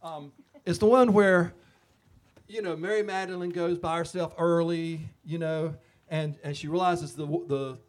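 A man's voice: fairly high pitch, steady tone, measured pace. A man preaching a conversational Easter sermon as a pastor, retelling scripture in a folksy, chatty way.

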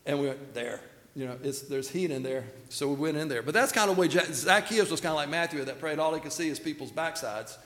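A man's voice: a little high, fast talker, fairly bright tone, big-room sound. A man preaching a sermon in a folksy, storytelling manner, acting out the quotes. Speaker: pastor.

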